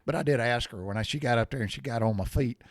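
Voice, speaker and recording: A man's voice: medium pitch, fast, dry recording, studio quality. A man in his sixties chatting casually to his viewers, folksy and rambling, wandering off on tangents. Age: 60s. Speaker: vlogger. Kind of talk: casual chat.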